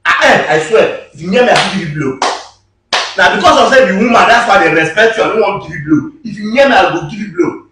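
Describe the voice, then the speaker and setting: A man with a Nigerian Pidgin accent, a prank target, agitated and shouting stop again and again. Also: high-pitched, lively intonation, fast. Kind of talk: heated street prank confrontation. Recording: echoey, from far off, faint noise.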